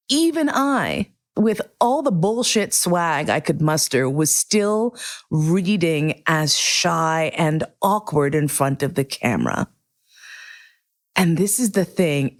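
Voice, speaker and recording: A middle-aged woman hosting a podcast, telling a personal story in a candid, profane, animated way. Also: fairly low pitch. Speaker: podcast host. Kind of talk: casual storytelling monologue.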